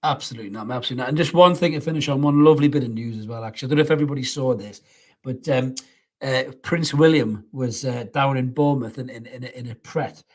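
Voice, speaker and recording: A man's voice: mid-range voice, fast talker. A man hosting a football podcast while he has a head cold, bantering casually and calling people mate. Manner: bantering, calls everyone mate. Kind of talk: casual chat.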